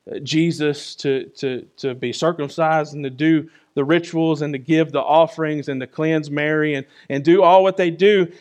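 A man preaching a sermon in a conversational way, often asking "right?" and moving between loud and soft. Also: high voice. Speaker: pastor.

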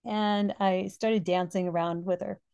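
A woman's voice: medium pitch, fairly even intonation, unhurried, gravelly, darkish tone, clean tone. A middle-aged woman hosting a podcast, telling heartfelt personal stories and quoting spiritual texts. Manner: heartfelt storytelling, quoting scripture. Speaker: podcast host.

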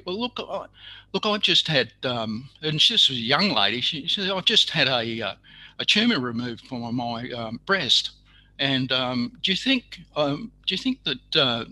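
An older man, a retired physicist telling a long story in an interview, pausing often with fillers and restarts. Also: mid-range voice, bright, forceful tone, rough recording. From Australia. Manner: halting, full of fillers and restarts, acts out quoted dialogue. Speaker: guest, retired radiation physicist.

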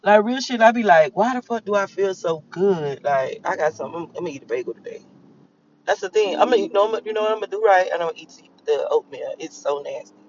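A man's voice: high-pitched, animated, fast talker, muffled recording, slight background noise. A young man in a car, rambling and cursing as he reflects on his morning. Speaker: vlogger. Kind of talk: casual morning monologue while driving.

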